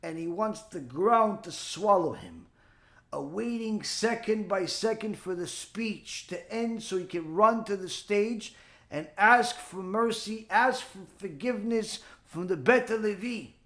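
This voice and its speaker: Animated storytelling rabbi, high-voiced man. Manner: animated storyteller acting out dialogue. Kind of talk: storytelling Torah lesson.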